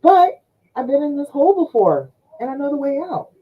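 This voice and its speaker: A woman doing a calm, wise friend. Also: high voice, fairly quick, narrow, tinny audio, voice pushed up. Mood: reassuring. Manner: calm, reassuring. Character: calm, wise friend who has been there.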